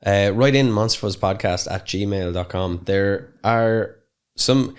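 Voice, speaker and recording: A man's voice: fairly low pitch, takes it slowly, smooth. A young man co-hosting a podcast, talking in a rambling, chatty way with plenty of fillers and restarts. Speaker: podcast co-host. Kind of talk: casual podcast chat.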